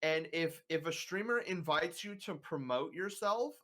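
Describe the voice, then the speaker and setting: Earnest advice-giving man, slightly high voice. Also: lively intonation, measured pace, a bit bright. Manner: earnest, emphatic, many "like" fillers. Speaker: streamer. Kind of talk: casual podcast chat giving advice. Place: home, remote voice call.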